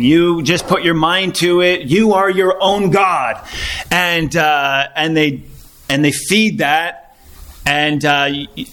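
A man preaching an informal sermon to a small congregation, talking conversationally with restarts and frequent throat clearing. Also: a little high, a bit bright.

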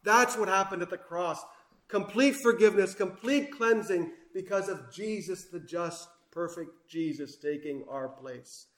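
A man preaching a sermon with passion, swinging between loud emphasis and hushed asides. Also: sits high, a little slow, reverberant.

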